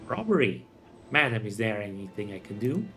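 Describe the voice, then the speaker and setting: A man's voice: medium pitch, brisk, close to an everyday voice. A courteous, formal female half-orc adventurer, as a man reads her part. She speaks with careful politeness. Faint music sits under the voice. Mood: polite.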